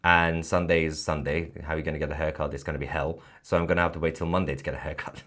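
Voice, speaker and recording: Deep-voiced sarcastic male streamer. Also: quick pace. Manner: animated, sarcastic, frequent fillers and restarts. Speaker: host. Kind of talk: live-stream commentary reading viewer chat.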